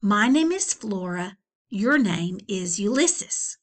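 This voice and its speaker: A woman voicing an earnest, cynical young girl in a storybook read-aloud, speaking in an intense, deliberate way. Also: mid-range voice, animated.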